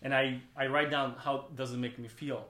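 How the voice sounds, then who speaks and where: A man's voice: mid-range voice, little pitch movement, moderate pace, pushed and bright, reverberant. A man, a guest on a podcast, chatting casually and rambling with many restarts. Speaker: podcast guest, brand co-founder. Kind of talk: casual interview chat.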